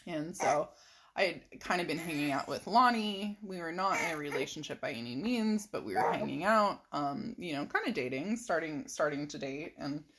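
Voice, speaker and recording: A woman's voice: low-pitched, expressive, normal speed, a bit bright. A middle-aged woman casually telling a rambling personal story in a vlog, full of fillers and little laughs. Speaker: vlogger.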